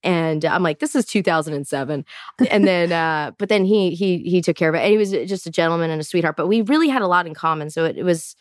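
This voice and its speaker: A woman's voice: on the low side, fast, no echo, clean studio sound. A Canadian woman in her forties, a podcast guest telling a story in casual chat, acting out quoted dialogue with lots of fillers. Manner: animated, acts out quoted dialogue, many "like" fillers.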